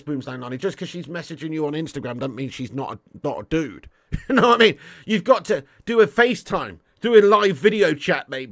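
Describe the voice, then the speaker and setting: A young man talks fast and excitably on his live stream while playing a football game. His voice sits fairly high for a man, and he jumps between cheeky banter, trash talk and loud thanks to viewers. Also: dry recording, studio quality. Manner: excitable and cheeky, swears, calls viewers legend and mate.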